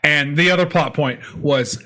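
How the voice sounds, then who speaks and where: A man from central Pennsylvania with a slightly high voice, co-hosting a casual podcast. He recaps plot points and often finishes the others' sentences. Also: a little slow, sharp tone. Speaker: podcast co-host. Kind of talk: casual chat.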